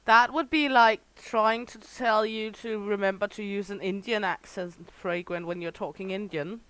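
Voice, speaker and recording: A woman streaming a game and chatting with her viewers in a relaxed, teasing way. She talks at an ordinary pitch and keeps up easy banter with her regulars between moments of play. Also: normal speed. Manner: chatty, teasing chat regulars by name while playing. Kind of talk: casual livestream chat with viewers.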